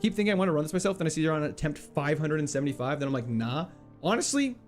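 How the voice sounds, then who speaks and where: A young man with a slightly raised pitch chats casually with his stream audience. He answers messages in a playful, joking way. Faint game music plays quietly behind him. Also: lively intonation. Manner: playful, chatty, quick laughs, jokey mock French. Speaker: game streamer reading chat. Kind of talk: casual livestream chat.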